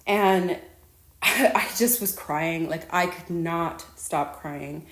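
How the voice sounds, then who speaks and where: A woman's voice: fairly low pitch, takes it slowly, roomy sound. A woman hosting her own podcast at home, talking in an earnest, effusive, rambling way with plenty of fillers. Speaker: podcast host. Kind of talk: casual podcast monologue.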